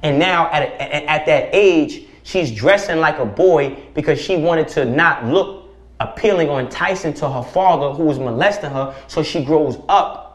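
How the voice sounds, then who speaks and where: A man speaking as a podcast guest, preaching forcefully with profanity and rhetorical questions. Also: fairly high pitch, normal speed. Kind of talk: impassioned podcast conversation. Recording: roomy echo.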